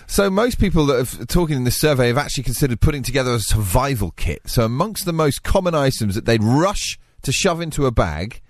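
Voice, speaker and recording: A man's voice: sing-song, fairly quick, few pauses, no room sound. Guy on breakfast radio messing about, voice swings up and down a ton, dry studio sound. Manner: playful, laughs often, wide swings in pitch. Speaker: radio breakfast show host. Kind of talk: jokey breakfast radio banter. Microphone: studio microphone.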